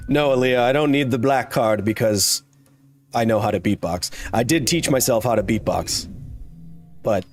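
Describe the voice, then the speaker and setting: A man in his thirties giving playful, jokey live commentary while streaming a game. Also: medium pitch. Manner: playful, jokey, slips into silly voices and exclamations. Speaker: gaming streamer.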